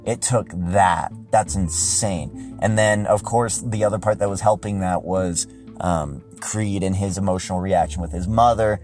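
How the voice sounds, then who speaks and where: A man hosting a podcast, giving a casual, rambling movie review that gets excitable and profane when he is riled up. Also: sits low, normal speed, faint music behind. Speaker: podcast host.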